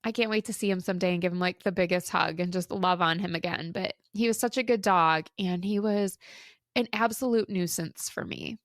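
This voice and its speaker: Solo podcast host, woman in her thirties, animated storyteller, dry studio sound. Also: on the low side, fairly quick, no room sound. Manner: chatty, candid, animated storytelling. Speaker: podcast host and career coach.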